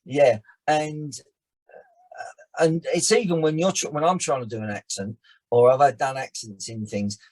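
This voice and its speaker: A man, chatting as a guest on a podcast, animated and often restarting his sentences. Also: mid-range voice, measured pace. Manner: animated, frequent restarts and repeated words. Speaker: actor and filmmaker guest. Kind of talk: casual podcast chat.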